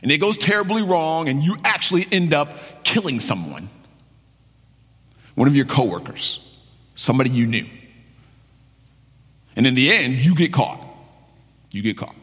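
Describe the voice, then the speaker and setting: A man's voice: a little high, animated, measured pace, pauses often, fairly bright tone, breathy edge, big-room sound. A male pastor preaching a sermon emphatically, repeating key phrases for weight.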